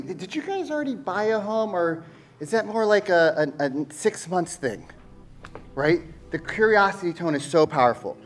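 A man giving a sales-training talk on stage, animated and rhetorical, firing questions at the audience. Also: high voice, normal speed, faint music behind. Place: stage before a live audience.

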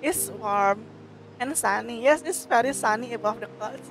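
A woman's voice: on the high side, normal speed, faint music behind, lightly acted. A woman reading the lines of a boastful, playful heavenly girl in a game, in a smug, teasing manner. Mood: breezy.

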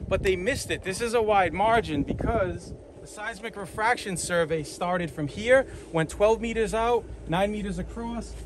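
A man with a Boston accent leading an outdoor walking tour, explaining sites in an animated, persuasive way. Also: high-pitched, normal speed, hardly any pauses. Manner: animated, persuasive, points things out on site. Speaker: tour guide and host. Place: outdoors at an ancient site. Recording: outdoor traffic noise behind.

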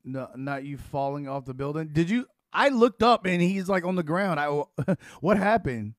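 A young man streaming a role-play game, chatting casually and taunting loudly when worked up. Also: fairly high pitch, lively intonation, normal speed, no room sound, clean studio sound. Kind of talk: casual live commentary while gaming.

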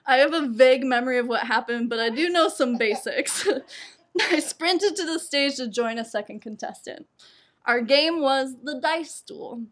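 A young woman tells a personal story for a live showcase. Her voice sits a touch high, and she keeps breaking into laughter as she pokes fun at herself. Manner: laughs often between lines, lively and self-mocking.

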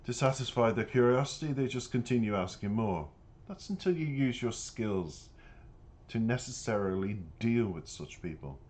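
A man's voice: mid-range voice, lively intonation, normal speed, a little mellow, voice pushed up, lightly acted. A man reading the lines of a stern, proud older woman who heads a family, speaking sharply and haughtily. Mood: instructive.

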